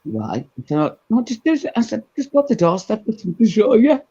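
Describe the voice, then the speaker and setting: A woman telling a gossipy anecdote in a casual chat, animated and full of asides. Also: medium pitch, fast, breathy edge. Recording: dull lo-fi recording.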